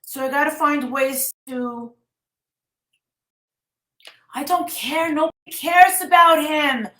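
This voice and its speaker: Woman, high voice, emotional rambling livestream storyteller, echoey room. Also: a bit bright. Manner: emotional, rushed, breaks off to scold her chat. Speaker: vlogger retelling a story.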